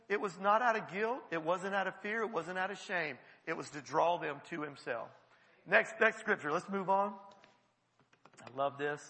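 Gravelly bright-voiced pastor. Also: male voice, high voice. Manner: animated storytelling, acts out quoted voices. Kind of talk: sermon with personal stories. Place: large church hall. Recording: long hall reverb.

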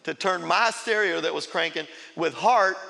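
A man's voice: fairly high pitch, normal speed, vocal fry, pushed and bright, long reverb tail. A man, a pastor telling his testimony in a sermon, laughing as he tells the story and acting out quotes. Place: large church sanctuary.

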